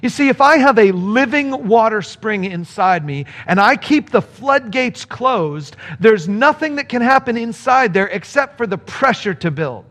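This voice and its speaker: Male pastor, sermon delivery, high-pitched, earnest, shifting pace for emphasis. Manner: earnest, animated preaching with quick bursts and slowed emphasis. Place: speaking to a remote congregation.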